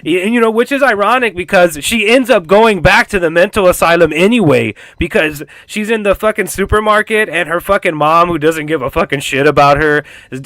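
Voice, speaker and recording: Bright-voiced, cursing man recapping an episode. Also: fairly high pitch, no echo. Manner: profane, animated storytelling with many fillers. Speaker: reaction channel host.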